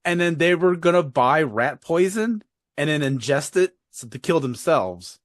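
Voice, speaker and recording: A man with a fairly high, very lively voice chats loosely on a podcast, rambling and laughing as he goes. He swears casually. The sound is dry and close. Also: a little slow, no echo. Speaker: podcast co-host. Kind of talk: casual chat.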